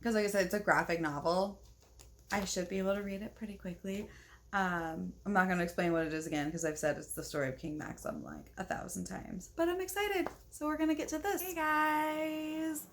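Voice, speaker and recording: A woman's voice: medium pitch, steady tone, brisk. A woman chatting casually in a reading vlog, gushing about books and peppering her talk with "like.". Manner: chatty and gushing, fills speech with "like"; yawning, talking at bedtime. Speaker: book vlogger.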